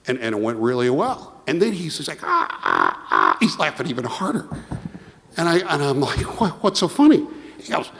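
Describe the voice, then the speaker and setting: Middle-aged guy doing an award toast, animated story, big echoey banquet hall. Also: medium pitch. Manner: animated storytelling, acting out quoted dialogue. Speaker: award presenter giving a toast. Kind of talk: anecdotal award speech. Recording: long hall reverb.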